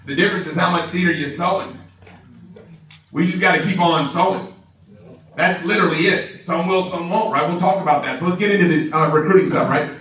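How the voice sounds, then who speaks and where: A man giving an energetic, excitable motivational training talk to a live audience in a large room, laughing often and asking "right?" a lot. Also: sits high, brisk. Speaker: sales trainer. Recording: echoey room, voice from far off.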